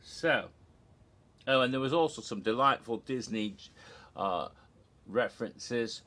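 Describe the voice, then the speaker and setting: A man casually recounting a theme-park show in an animated, gossipy way with giggles. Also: medium pitch, takes it slowly. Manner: animated, gossipy, giggles at his own jokes. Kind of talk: casual recap narration.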